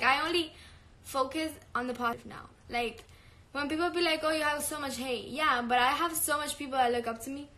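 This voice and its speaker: A woman's voice: high voice, bright, forceful tone. A young woman chatting casually on a livestream, brash and profane, laughing often. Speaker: singer on a live stream.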